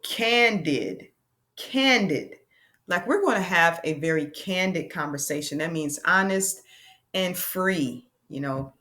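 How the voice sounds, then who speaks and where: A woman teacher giving a lesson to young learners, patient and encouraging, calling them friends and slowing down to spell out sounds. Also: on the low side, lively intonation, bright, forceful tone.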